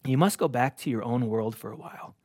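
A man voicing a solemn male lion, speaking slowly and quietly in a grave, commanding way while reading a story aloud. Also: medium pitch, no echo, studio quality, natural voice. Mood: solemn gentle.

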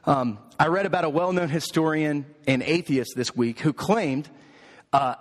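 A pastor with a fairly high voice delivers a rhythmic sermon and builds his points through emphatic repetition. His words ring out with a long hall reverb behind them. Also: normal speed. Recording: echoey hall.

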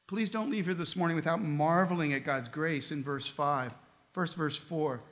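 A man's voice: fairly high pitch, normal speed, a bit bright. A man preaching a sermon as a pastor, earnest, with casual asides and light humor.

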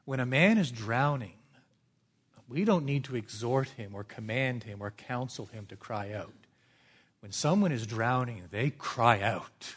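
A man from Canada preaching a sermon as pastor, with dramatic swings from a hushed, quiet delivery to loud, urgent emphasis. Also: medium pitch, expressive, measured pace, breathy edge.

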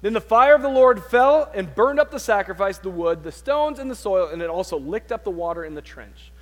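High-voiced preacher in a reverberant hall. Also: male voice, animated, fairly quick. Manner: dramatic Bible reading with loud peaks and quiet asides. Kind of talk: sermon.

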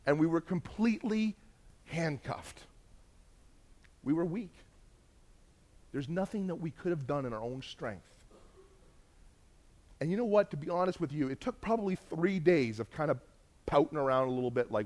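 A man preaching a sermon, telling a lively mission-trip story and acting out the other people's voices. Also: a little high, normal speed, long pauses. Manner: animated, acts out quoted voices, laughs while telling.

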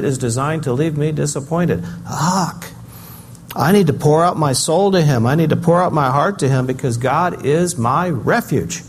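An older man preaching a sermon, swinging between loud emphasis and quiet, reflective asides. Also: a little high, slight background noise. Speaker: pastor.

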